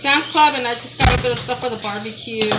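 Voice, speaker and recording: A woman's voice: a little high, fast, very noisy. A middle-aged woman and mother chatting casually to her viewers while she cooks, teary-eyed from chopping onions. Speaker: vlogger, mother. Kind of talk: casual kitchen vlog chat. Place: home kitchen. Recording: echoey kitchen, loud clatter of dishes.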